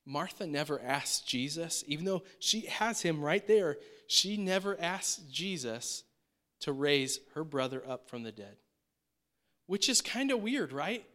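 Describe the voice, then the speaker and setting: Conversational preacher man, slightly high voice. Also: lively intonation, unhurried, bright, forceful tone. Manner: conversational, emphatic, frequent rhetorical "right?". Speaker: pastor. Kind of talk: sermon.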